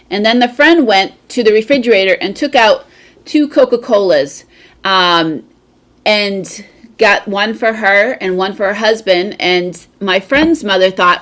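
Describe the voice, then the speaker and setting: Brief: woman, chatty storyteller, mid pitch, video call. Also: animated, measured pace, a bit bright. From United States. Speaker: guest speaker. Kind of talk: casual anecdote.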